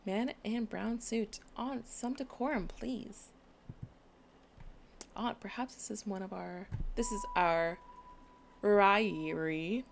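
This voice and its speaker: A woman playing a story game, reading its dialogue aloud and adding quick comments of her own. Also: mid-range voice, vocal fry, a little hiss or hum. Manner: reads dialogue aloud between quick asides. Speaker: game streamer.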